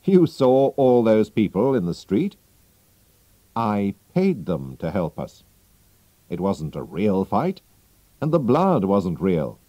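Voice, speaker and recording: A man reading aloud, voicing a confident male detective who explains briskly. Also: fairly low pitch, big pitch swings, mellow, no room sound, full character voice. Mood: explaining. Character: sharp, confident male detective, middle-aged.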